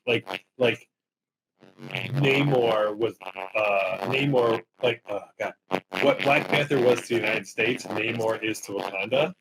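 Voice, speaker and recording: A man chatting as a podcast guest, telling a rambling, animated take while his mic crackles with electrical feedback. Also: medium pitch, unhurried. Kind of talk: casual chat.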